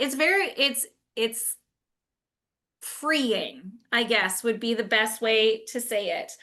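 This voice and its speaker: Bright, high-voiced middle-aged woman. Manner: animated and emphatic, quick bursts. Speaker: guest speaker. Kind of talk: casual interview chat.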